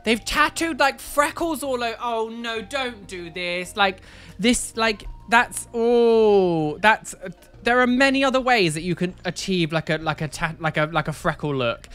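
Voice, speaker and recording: A woman's voice: mid-range voice, animated, a little slow, a bit bright, soft background music. A woman doing casual reaction commentary as a YouTuber, exclaiming and laughing with slangy asides. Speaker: YouTuber reacting to tattoo photos.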